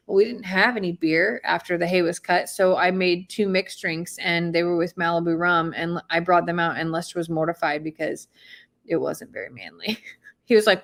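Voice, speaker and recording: Woman, casual storyteller, animated and expressive, laughs easily. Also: lowish voice, moderate pace. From Midwest US. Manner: animated, laughs often, swings from excited to hushed. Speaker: host telling a personal story.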